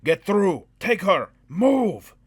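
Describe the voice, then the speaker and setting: A man's voice: high voice, sing-song, slow, breathy edge, no echo, pitched above the performer's own voice, heavily acted. A man voicing a brave male dwarf warrior in an audiobook, barking urgent commands. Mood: shouting urgently. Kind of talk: audiobook character voice.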